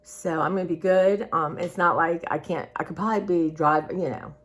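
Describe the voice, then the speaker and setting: A woman's voice: on the low side, steady tone, a little fast, a bit bright. A woman in her sixties chatting casually to her viewers, rambling from one thought to the next and calling them y'all. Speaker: vlogger. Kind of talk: casual chat to camera.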